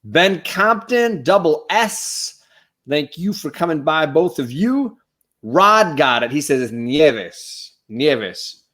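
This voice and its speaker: A man on a casual live stream, giving enthusiastic shout-outs to the chat as a guest co-host. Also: a little high, expressive, slow.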